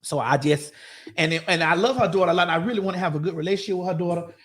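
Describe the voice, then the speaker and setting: A woman from Miami-Dade hosting a morning talk show, telling a story in a blunt, profane, animated way. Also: lowish voice, very fast. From Miami-Dade, Florida.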